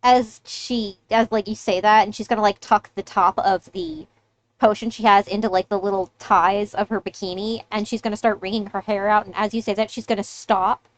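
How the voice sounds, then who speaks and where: A woman's voice: medium pitch, steady tone, normal speed. Woman gm narrating, loose and casual, lots of likes and ums. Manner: casual, filler-heavy narration. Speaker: game master. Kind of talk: narrating a tabletop game.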